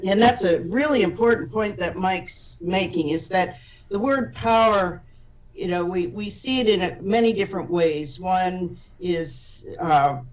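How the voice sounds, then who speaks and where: A woman's voice: fairly low pitch, a little slow. A woman who is a podcast guest, explaining ideas patiently and step by step, often restarting her sentences. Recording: distant, dull-sounding audio.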